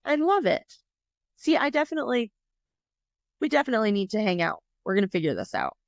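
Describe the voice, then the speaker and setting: A woman's voice: a little high, very animated, fairly quick, creaky, no room sound. A woman from New York State hosting a podcast interview, chatty and upbeat with lots of casual fillers. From New York State, USA. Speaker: podcast host.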